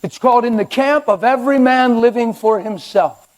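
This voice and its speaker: Animated high-voiced older man preaching. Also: normal speed. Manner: animated, conversational preaching with sudden loud outbursts. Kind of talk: sermon. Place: church.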